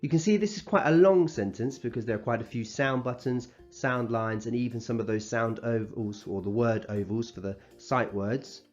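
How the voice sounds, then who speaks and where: Man, primary school teacher, phonics video lesson, slow clear sounding-out, encouraging, mid-pitched, dull audio. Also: soft background music. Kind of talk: recorded phonics lesson for young children.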